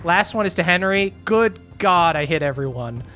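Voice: medium pitch, animated, normal speed, bright, forceful tone, faint music behind. Casual game master narrating. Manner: casual, with fillers and swearing.

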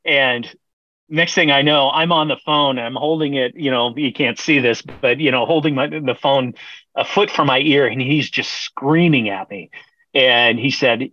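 A man's voice: mid-range voice, moderate pace, bright, forceful tone, no room sound, highs cut off. A middle-aged man, a brewer, telling long stories in a casual interview, rambling with many fillers, restarts and laughs. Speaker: brewer, podcast guest.

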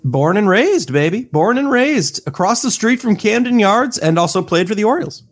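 A man co-hosting a casual baseball podcast, excitable and self-deprecating. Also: high-pitched, normal speed, no echo. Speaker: podcast co-host.

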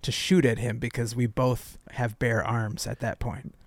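A man co-hosting a casual comedy podcast, chatty and quick to laugh, reading out news items between jokes. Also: medium pitch, flat delivery, no room sound. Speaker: podcast co-host.

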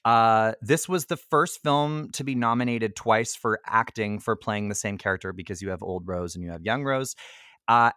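A man's voice: lowish voice, fairly bright tone, smooth, dry recording, clean studio sound. A young man hosting a podcast in casual chat, rambling with lots of fillers and self-corrections and laughing often. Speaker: podcast host.

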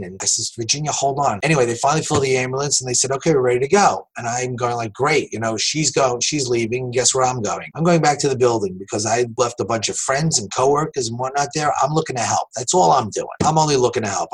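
A middle-aged man, telling his story in an interview and acting out the dialogue in lively fashion. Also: medium pitch, slightly rough, low-quality recording.

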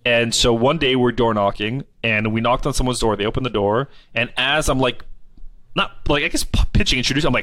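A man, a podcast guest, telling a casual story in an animated, rambling way with many fillers. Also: medium pitch, a little fast, no echo. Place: South Florida.

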